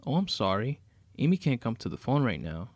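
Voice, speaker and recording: A man's voice: mid-range voice, very animated, brisk, dry recording, studio quality. A man voicing a vengeful, sarcastic woman, a murderous former nurse who taunts her captive. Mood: sneering. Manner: sneering, taunting, menacing.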